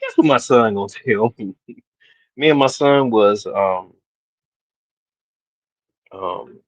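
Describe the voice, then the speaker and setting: A man's voice: fairly low pitch, slow, no echo. A middle-aged man casually chatting on a live stream, greeting viewers by name and laughing often, recorded in his home garage. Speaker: livestream host. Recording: dull lo-fi stream audio.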